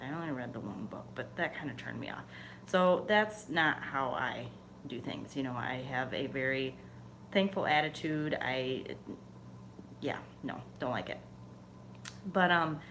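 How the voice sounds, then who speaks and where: A woman's voice: low voice, a little hiss or hum. A young woman on her channel, telling a story in a casual, chatty way, swearing freely and sometimes dropping to a whisper. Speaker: channel host. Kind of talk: casual chat.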